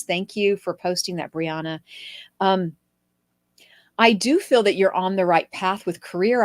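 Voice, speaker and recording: A woman's voice: mid-range voice, darkish tone, no echo. A woman hosting a live stream, pulling cards for viewers in a chatty way with frequent laughs and fillers. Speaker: host reading cards for viewers. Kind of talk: live-stream card reading.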